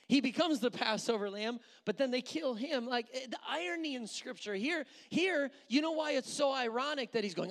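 Lively preacher in an echoing sanctuary. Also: sits high, moderate pace. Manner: animated storytelling, acting out quotes; repeats words while thinking aloud. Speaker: pastor. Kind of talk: sermon. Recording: long hall reverb.

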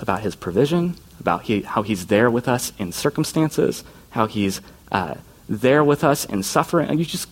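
A man's voice: medium pitch, slightly rough. A man preaching a conversational sermon as a youth pastor, earnest and informal, often slipping into quoted voices.

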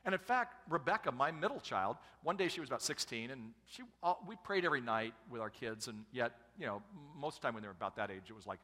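A man's voice: medium pitch, very animated, fast talker, few pauses, bright, forceful tone, big-room sound. A middle-aged man preaching a sermon, conversational and humorous, making asides to the congregation. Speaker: pastor and family speaker.

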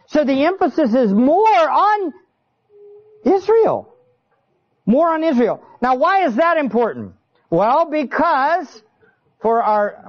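Guy preaching, voice swings up and down a lot, keeps asking "do you understand?", kinda muffled lo-fi recording. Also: very high voice. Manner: animated, conversational, asks the audience questions. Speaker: pastor. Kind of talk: expository sermon.

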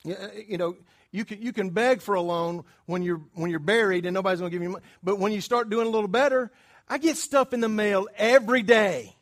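A man preaching a sermon in a conversational way, often quizzing his congregation and swinging between hushed asides and loud emphatic bursts. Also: high-pitched, brisk. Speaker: pastor.

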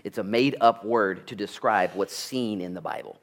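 A man preaching a sermon at a church, conversational and animated, full of asides and rhetorical questions. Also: on the low side, normal speed. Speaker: pastor.

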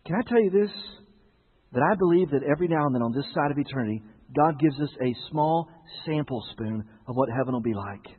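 Man preaching, husky voice, high pitch, tinny phone-like sound, playful storyteller. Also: a little fast, big-room sound. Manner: animated storytelling preacher, jokes with the congregation. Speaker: pastor. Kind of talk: sermon.

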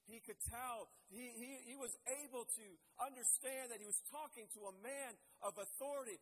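A male pastor preaching a sermon with passion, swinging from loud, emphatic lines to hushed ones and repeating key phrases for weight. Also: extremely high pitch, moderate pace, slight background noise, rough recording.

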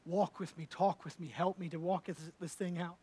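A male pastor preaching a sermon at a church service, conversational and emphatic, swinging between loud declarations and soft asides. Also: high voice, steady tone, normal speed, slightly rough.

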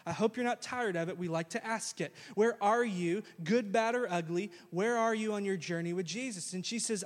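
A man with a high, light voice delivers a sermon in a big hall with a long ringing reverb. He tells the story with animated, slangy asides and acts out the characters as he goes. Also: moderate pace, few pauses. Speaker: pastor.

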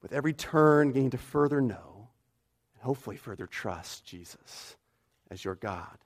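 A man's voice: medium pitch, expressive, moderate pace. Man preaching an emphatic sermon. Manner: emphatic, repeats key phrases. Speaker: pastor.

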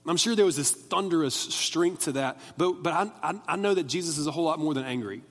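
A man's voice: fairly high pitch, fast talker. A young man preaching a casual, conversational sermon in a church, often restarting his sentences and acting out the voices of the people in his stories. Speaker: pastor. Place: church worship hall. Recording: long hall reverb.

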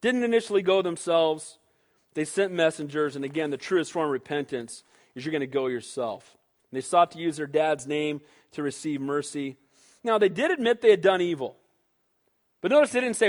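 A man preaching a sermon, animated, who acts out quoted voices and calls for amens. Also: a little high, fairly quick. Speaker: pastor. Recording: long hall reverb.

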